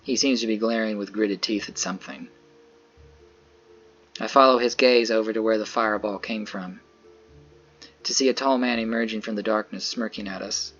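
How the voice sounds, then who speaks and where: A man's voice: on the low side, fairly even intonation, normal speed, pauses often, fairly bright tone, highs cut off, faint music behind. A man narrating a dramatic visual novel in the first person, earnest and tense.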